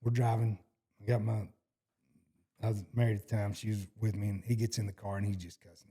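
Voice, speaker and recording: Speaking fast in a lowish, warm voice with a steady tone and a breathy edge, a middle-aged Texan horseshoer swaps cowboy tales during a relaxed interview. His Texan accent comes through as he rambles folksily and keeps restarting sentences.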